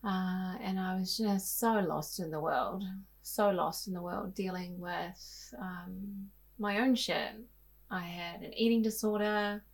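A woman's voice: lowish voice, slow pace, creaky. Candid woman, chatting openly. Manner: animated, acts out her own inner voice. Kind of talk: casual heartfelt chat.

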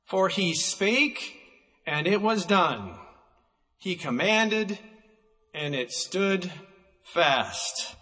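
A man preaching a sermon, emphatic and slowing down to stress single words, recorded in a church hall. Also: high voice, very animated, sharp tone, faint music behind.

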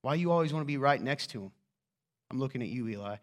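A male pastor gives a sermon to his congregation in a church. He speaks in a casual, conversational way and teases the people in the pews. His voice sits at an ordinary pitch and swings from hushed asides to loud, excited bursts. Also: quick pace. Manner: rhetorical questions, swings from quiet to loud.

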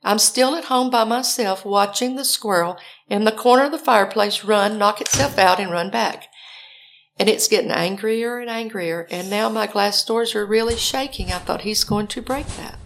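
Older lady telling a story, a bit gravelly, acts out her own panicky calls. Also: mid-range voice, normal speed, fairly bright tone, a little hiss or hum. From Alabama, US. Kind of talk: personal storytelling.

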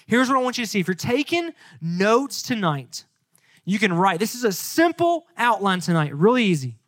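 A man's voice: sits high, very animated, normal speed, a bit bright, dry recording, clean studio sound. A young male youth pastor preaching a sermon, retelling the story in casual slang and acting out the characters.

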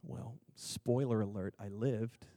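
A man preaching a testimony sermon, moving from hushed, slow moments to loud, excited storytelling. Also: mid-range voice, gravelly, no echo. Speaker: pastor.

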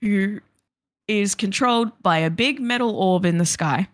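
A woman's voice: medium pitch, unhurried. A woman co-hosting a podcast in casual chat, joking crudely and laughing often. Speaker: podcast co-host.

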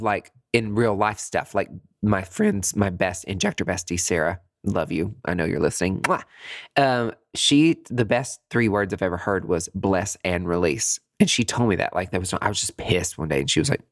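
A man hosting a podcast on his own, telling a story casually and with animation, swearing freely and jumping up in pitch to make a point. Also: moderate pace, no echo, studio quality. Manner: animated, chatty, swears freely, jumps high in pitch for emphasis. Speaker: podcast host.

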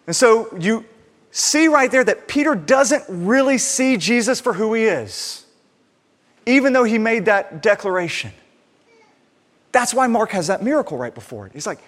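High-voiced man preaching in a hall. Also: moderate pace. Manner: animated, voices quoted people expressively. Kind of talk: sermon. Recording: reverberant hall sound.

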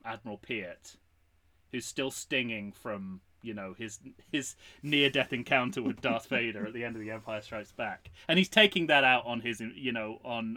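A man co-hosting a casual podcast, telling a story pitch with animated energy and acting out the lines. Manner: animated storyteller, acts out quotes. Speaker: podcast co-host.

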